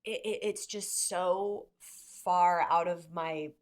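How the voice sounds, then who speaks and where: A woman's voice: lowish voice, fairly even intonation, takes it slowly. A young adult woman hosting a podcast, chatting candidly and swearing freely, with frequent restarts. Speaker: podcast host. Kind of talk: casual chat.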